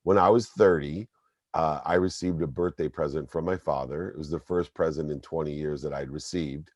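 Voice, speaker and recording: Guest, middle-aged man, very deep voice, dry close sound, emphatic storyteller. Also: fairly even intonation, moderate pace, a little mellow, no room sound, lo-fi sound. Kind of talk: storytelling interview.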